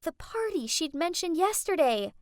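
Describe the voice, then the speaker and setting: Young woman, storytime narrator, high and very animated, dry close mic. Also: normal speed, no echo. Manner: lively, dramatic first-person telling.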